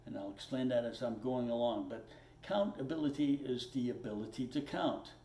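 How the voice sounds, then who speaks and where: A man's voice: medium pitch, moderate pace, warm tone. A man teaching drums at his kit, plainspoken and patient, who repeats his points and checks in with "okay" as he explains step by step. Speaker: drum teacher. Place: room with a drum kit. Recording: roomy echo, faint noise.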